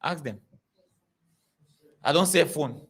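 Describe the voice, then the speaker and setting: A man preaching to a congregation, telling stories in an animated, repetitive way. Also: fairly high pitch, slow pace. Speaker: pastor.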